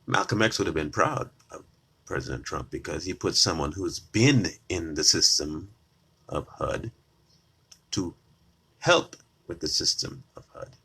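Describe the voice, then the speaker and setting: The man, a political commentator, fires off an opinion monologue at his viewers, combative and full of repeated lines. His low voice is expressive and forceful, bright with a breathy edge, kept to a measured pace.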